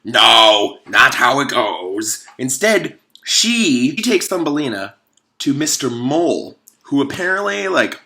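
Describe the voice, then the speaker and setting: A man giving a casual, comedic commentary on a movie, animated and sarcastic, rambling with many fillers. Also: mid-range voice, slow pace, gravelly. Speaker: video host.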